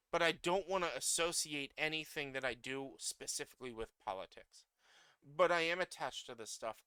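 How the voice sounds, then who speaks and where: Bright, clear-voiced man ranting. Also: on the high side, dry recording. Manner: angry, profane, swings between loud shouting and quiet. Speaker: streamer. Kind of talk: political rant.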